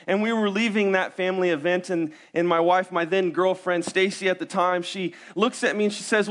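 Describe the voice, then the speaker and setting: High-voiced man preaching a conversational sermon. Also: fairly even intonation, brisk, few pauses, a bit bright. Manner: conversational, self-deprecating storytelling with rhetorical questions. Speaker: pastor. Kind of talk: sermon with prayer and personal stories.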